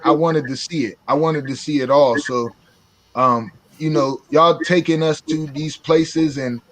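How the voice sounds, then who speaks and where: A middle-aged man from Pittsburgh, a former student, telling stories in casual chat and laughing often. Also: on the high side. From Pittsburgh, USA.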